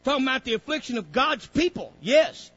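A man's voice: very high-pitched, big pitch swings, fairly quick, a bit bright, highs cut off. Folksy man teaching the Bible. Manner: folksy, preacherly, frequent "praise God". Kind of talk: Bible study lesson with young students.

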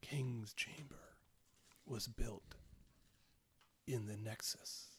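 A man's voice: mid-range voice, steady tone, drawn-out words, fairly bright tone, slight background noise. A man voicing the ghost of an ancient embalmed chamberlain in a ghastly whisper, as whispered role-play. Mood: ghostly solemn.

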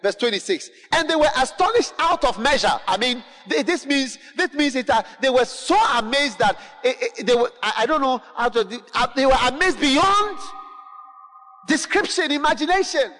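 A man preaching a sermon, emphatic and repetitive, often rising to shouts and calling to the congregation. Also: very high-pitched, expressive, normal speed. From Ghana. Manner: emphatic, repetitive, building to shouts, call-and-response. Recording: long hall reverb.

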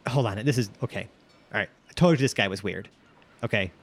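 A man's voice: on the low side, brisk. A man playing a tabletop game, joking and rambling as he talks through his moves. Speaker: player. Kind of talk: casual tabletop game play.

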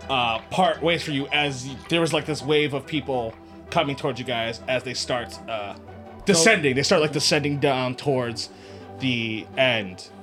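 A man narrating a tabletop game as game master, describing scenes in rambling sentences full of "like" and "uh". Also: mid-range voice.

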